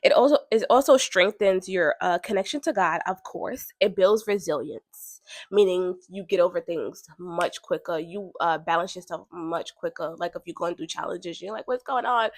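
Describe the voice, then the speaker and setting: Casting: animated woman host with a lilt, casual spiritual chat, dry close mic. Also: no echo. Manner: chatty and animated, laughs often, bursts high when quoting. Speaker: podcast host.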